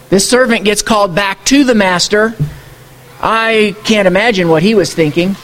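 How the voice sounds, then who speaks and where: A man's voice: high-pitched, a little slow, fairly bright tone. A man preaching a sermon, working through scripture verse by verse in a conversational tone and asking his listeners rhetorical questions. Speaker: pastor.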